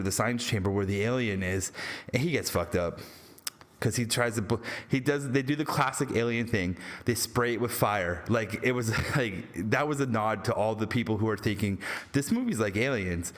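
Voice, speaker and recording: Young canadian man, casual movie review, rambling, excitable, swears and laughs a lot, lowish voice.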